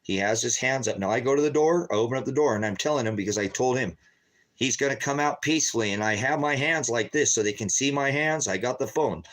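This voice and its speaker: A man's voice: mid-range voice, fast, fairly bright tone. A man giving an agitated, heavily profane, rambling livestream monologue to his viewers, repeating himself often. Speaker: ministry livestreamer.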